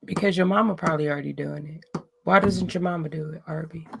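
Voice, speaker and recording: Blunt gravelly woman chatting. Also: deep voice, quick pace, background noise. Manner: blunt, profane, roasting a chat troll. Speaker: livestream host. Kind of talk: casual livestream chat.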